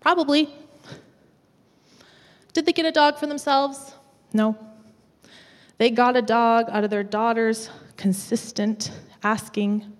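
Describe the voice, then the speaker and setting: A woman from the west coast of Canada, preaching a sermon in a church with lively, humorous storytelling. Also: mid-range voice, long reverb tail. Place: church auditorium.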